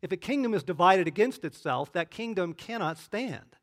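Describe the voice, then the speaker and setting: A man voicing Jesus as a calm, authoritative male teacher in a scripture reading. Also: high voice, normal speed.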